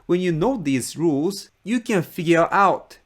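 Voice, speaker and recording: A man whose first language is Japanese, speaking with a Japanese accent, explains a language point in a slow, careful teaching style. His voice sits high with lively intonation, and he repeats example words slowly.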